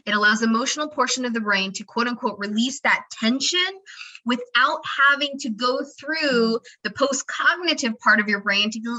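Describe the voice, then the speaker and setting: A woman's voice: a little high, moderate pace, bright, forceful tone, poor audio. A woman guest on a podcast interview, talking expressively with lots of "you know" and "like," acting out quotes and laughing often. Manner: chatty, heavy use of "you know" and "like". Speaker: guest, founder and emotional wellness practitioner. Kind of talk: animated podcast interview talk.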